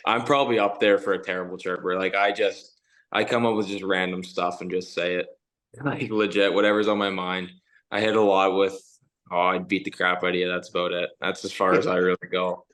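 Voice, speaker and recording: A man hosting a podcast, talking in a relaxed, conversational way. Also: deep voice, a little fast. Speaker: podcast host, university hockey player. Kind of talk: casual chat.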